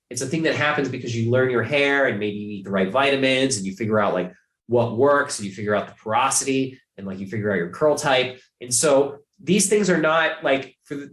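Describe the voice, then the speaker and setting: A man's voice: mid-range voice, roomy sound. A man from Ohio, a podcast guest chatting casually, rambling with many fillers and restarts. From Ohio, USA.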